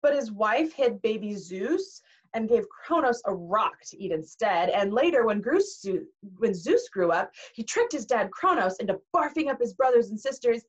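A woman's voice: fairly high pitch, expressive, normal speed, husky, voice pushed up. A woman reading aloud, voicing a nervous twelve-year-old schoolboy who stumbles over his answers, on a dull recording. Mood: unsure. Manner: hesitant, stumbling.

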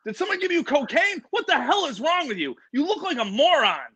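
A man voicing his exasperated father scolding his grown son with disbelieving shouted questions. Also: very high voice, sing-song, a little fast, pitched above the performer's own voice, exaggerated voice.

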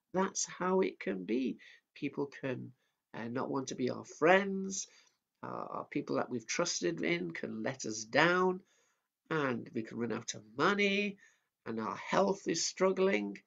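A man preaching at a family service, telling a Bible story in a gentle, simple way. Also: fairly high pitch, expressive, slow pace, gravelly. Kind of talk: children's sermon storytelling. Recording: dull lo-fi sound.

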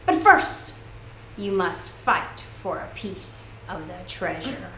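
A swaggering young pirate boy full of pirate slang, as a storyteller puts him on. He talks slowly and leans into every word. The room around him echoes, with a faint hiss underneath. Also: high voice, sing-song, bright, forceful tone, pitched below the performer's own voice, exaggerated voice. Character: boy playing a swashbuckling pirate, bold.

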